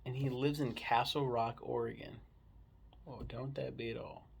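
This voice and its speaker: A man's voice: medium pitch, little pitch movement, measured pace, creaky, slightly rough. A man casually chatting about a book he read, rambling and swearing freely. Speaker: book reviewer. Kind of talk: casual book review chat.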